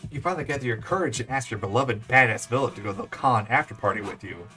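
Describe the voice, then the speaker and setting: Man playing a game on stream, reads the story text aloud, lively playful delivery, bright voice, faint music. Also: mid-range voice, fast. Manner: animated, laughing, playful. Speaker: gaming channel host. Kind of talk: let's play, reading game text aloud.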